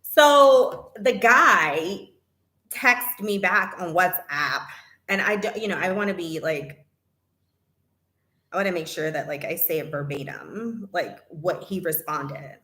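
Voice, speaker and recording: A woman in a casual vlog talks straight to her viewers at an unhurried pace. Her voice is bright and clear, and she retells a complaint with indignant energy. The sound rings a little in an echoey room. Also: on the low side. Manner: animated, indignant retelling, reads chat aloud. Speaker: vlogger.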